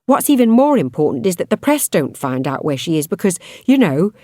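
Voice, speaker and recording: A woman's voice: fairly low pitch, very animated, brisk, darkish tone, dry recording, studio quality. A woman reading an earnest young pop star. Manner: earnest, hesitant.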